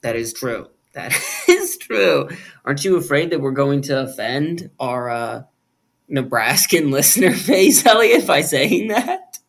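A man's voice: a little high, big pitch swings, a little slow, gravelly. Playful jokey podcast host, a man. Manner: playful, jokey, laughs often. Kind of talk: casual chat.

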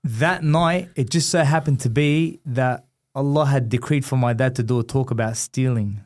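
A man in his thirties, mid-pitched, telling stories with lively energy. He acts out the voices of the people in his story and keeps a relaxed, conversational flow. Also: normal speed. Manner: animated storyteller, acts out dialogue. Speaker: guest, former boxer. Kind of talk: storytelling in a casual interview.

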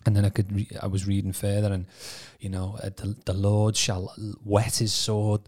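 A man from Birkenhead, telling his testimony on a podcast in a casual, animated way with stammering repeats. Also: fairly low pitch, normal speed. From Birkenhead, England. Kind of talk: casual storytelling.

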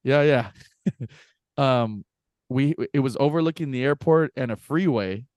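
A man's voice: mid-range voice, measured pace, pauses often, no room sound, studio quality. A man co-hosting a casual podcast, telling a story with lots of laughs and swearing, acting out what people said. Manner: animated storyteller, laughs often, swears, acts out quotes. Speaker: podcast co-host. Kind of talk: casual chat.

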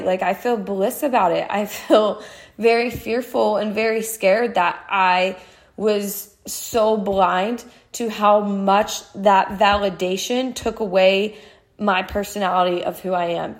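A woman in her twenties hosting a podcast, talking through her feelings in a candid, heartfelt monologue full of "like" fillers. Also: mid-range voice. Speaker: podcast host. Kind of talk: casual personal monologue.

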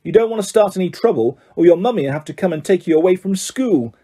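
A man's voice: high-pitched, expressive, fast, mellow, slightly rough, voice pushed up. A man voicing an arrogant schoolboy bully who speaks in a scathing, sneering way.

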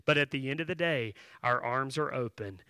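Delivering a sermon, the pastor tells a story in a chatty way, stumbling through fillers and restarts, and then makes forceful, direct appeals to his congregation. His medium-pitched male voice is pushed and bright with a clean tone, at moderate pace, with no room sound.

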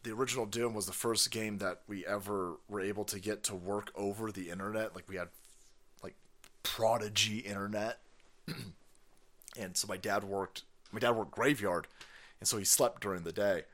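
A middle-aged man hosting a casual livestream, rambling and profane, reading chat and bursting into yells and laughter. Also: on the low side, steady tone, normal speed. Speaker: livestream host.

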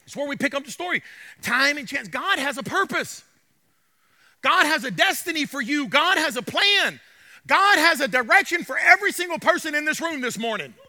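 High, bright-voiced preacher man. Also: big-room sound. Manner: preaching to a congregation, calling out "come on, y'all"; swings from quiet to hollering. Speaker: pastor. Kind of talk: sermon. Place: church sanctuary.

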